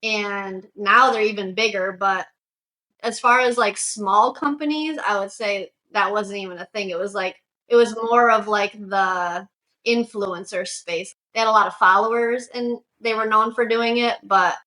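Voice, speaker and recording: A roughly recorded casual interview features a young Syracuse, New York woman describing her shoe business through chatty stories packed with "like." Her mid-range voice is bright and forceful, moving at a measured pace.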